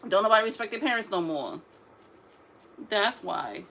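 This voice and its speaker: A woman, telling parenting stories in a sassy, animated way, like a casual talk to camera. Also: medium pitch, moderate pace, gravelly, slight background noise. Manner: sassy, animated storytelling, drawling asides. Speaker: mother vlogging about parenting.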